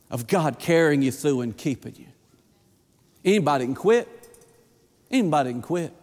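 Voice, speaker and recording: A man preaching a sermon as a pastor, with an emphatic delivery that rises and falls. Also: fairly high pitch. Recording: long hall reverb.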